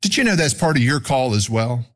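Man, pastor, sermon, mid-range voice, slow emphatic scripture reading, quicker storytelling. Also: medium pitch, sing-song.

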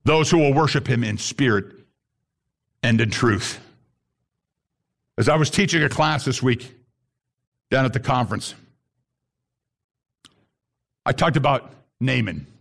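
A man preaching an impassioned sermon to a congregation, building to shouted emphasis at key points. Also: mid-range voice, moderate pace, gravelly, long pauses.

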